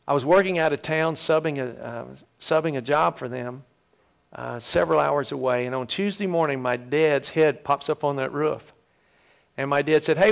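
Gravelly earnest male pastor. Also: fairly high pitch. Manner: earnest storytelling with halting repeats. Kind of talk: sermon testimony.

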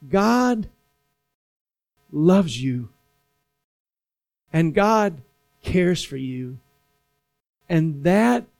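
A man preaching a sermon in a church, repeating phrases and building slowly to emphatic points. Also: a little high, vocal fry, darkish tone. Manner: preaching with slow emphatic build-ups and repetition. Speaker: pastor. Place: church sanctuary.

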